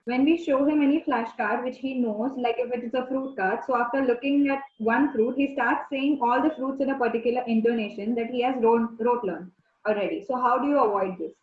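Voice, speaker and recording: A woman's voice: fairly high pitch, fairly quick. A woman interviewer reading out clinical questions and asking follow-ups over a video call. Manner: reads questions aloud, asks follow-ups. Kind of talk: conversational clinical Q&A. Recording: echoey tinny call audio.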